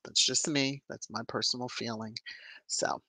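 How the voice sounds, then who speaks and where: A woman hosting a casual livestream, chatting and greeting viewers by name with lively rises in her voice. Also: rumbling low, normal speed, dry recording. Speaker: livestream host. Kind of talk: casual live chat reading viewer comments.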